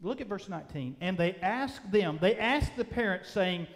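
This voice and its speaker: A male pastor preaching a sermon, with emphatic drawn-out phrases that swing between loud and soft. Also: sits high, animated. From United States. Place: church sanctuary. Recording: long reverb of a church sanctuary.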